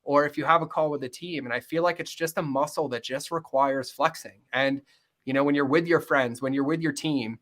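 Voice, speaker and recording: Earnest man, bright voice, podcast guest. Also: a little high. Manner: earnest, fast-flowing, acts out quoted dialogue. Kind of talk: candid interview conversation.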